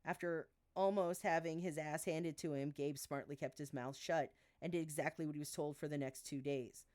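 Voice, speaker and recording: Low-voiced woman reading her book aloud. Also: steady tone, normal speed, a little mellow. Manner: reads dialogue with small voice shifts, stumbles and restarts, laughs at her own asides. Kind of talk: live-streamed book reading.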